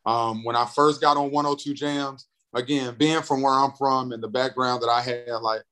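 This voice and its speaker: Young male comic guest, lively storyteller who acts out dialogue. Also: normal speed, poor audio. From North Carolina. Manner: animated, acts out quotes with big pitch jumps. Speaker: comedian and radio host, guest. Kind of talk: casual interview storytelling.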